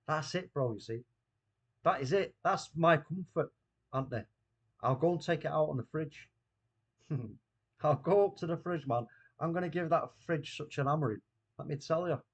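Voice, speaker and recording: A man's voice: medium pitch, breathy edge. A man hosting a casual live watchalong stream, bantering, reading the chat aloud, and laughing often. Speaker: watchalong host.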